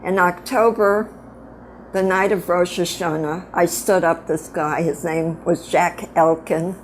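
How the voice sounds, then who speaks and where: A woman's voice: fairly low pitch, fairly even intonation, unhurried, slight background noise. An older woman in her eighties with a Brooklyn accent, telling her family stories from her girlhood in a frank, reminiscing way. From upstate New York. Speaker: grandmother telling her life story. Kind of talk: casual storytelling to family.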